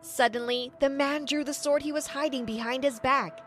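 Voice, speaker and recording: A young woman narrates her own story with dramatic storytelling. Her voice sits high, and faint music plays beneath her. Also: steady tone, normal speed, fairly bright tone. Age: young adult. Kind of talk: scripted first-person story narration.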